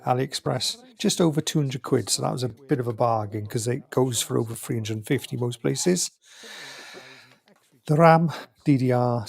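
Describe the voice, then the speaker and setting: A man's voice: mid-range voice, creaky. A British man streaming live from home, chatting casually and rambling as he shows off parts for a new computer. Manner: rambling, self-correcting, chatty. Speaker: streamer building a PC.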